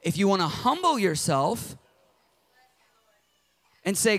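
A man preaching a sermon as pastor, passionate and swinging between loud and hushed delivery. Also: high-pitched, very animated, a little slow, long pauses.

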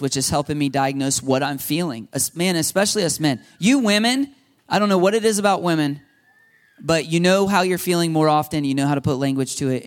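Casual, conversational male preacher. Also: on the high side. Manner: conversational, repetitive, laughing asides. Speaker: pastor. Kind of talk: sermon.

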